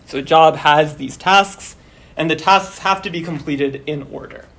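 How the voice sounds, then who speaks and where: A young man teaching a university class, talking casually and filling pauses with "like" and "um", his voice a bit worn as he starts losing it. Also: fairly high pitch. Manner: casual, explains step by step with many fillers. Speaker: course instructor. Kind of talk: university lecture.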